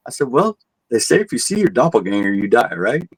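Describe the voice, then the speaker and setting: Male tour guide, relaxed storyteller who voices the people in his tale; dry, close recording. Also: mid-range voice, a little fast, slightly rough, no room sound, rough recording. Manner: laid-back, animated when quoting people, chuckles at his own jokes. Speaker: haunted asylum tour guide. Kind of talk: casual storytelling.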